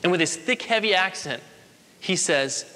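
With a high voice, lively intonation and a sharp tone, a man in his late twenties speaks at a moderate pace. He's a motivational speaker giving an emphatic address in a large hall, posing rhetorical questions. Long hall reverb colors the recording.

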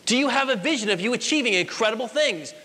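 A man's voice: very high voice, animated, quick pace, bright, forceful tone, husky. A man in his late twenties giving an emphatic motivational speech to an audience in a large hall, asking rhetorical questions. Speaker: motivational speaker. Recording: long hall reverb.

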